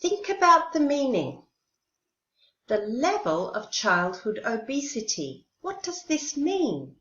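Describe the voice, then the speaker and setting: A woman teaching an English lesson, speaking slowly and carefully and modelling pronunciation clearly. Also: sits high, wildly swooping pitch, pushed and bright. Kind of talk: recorded language lesson. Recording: roomy, dull lo-fi sound.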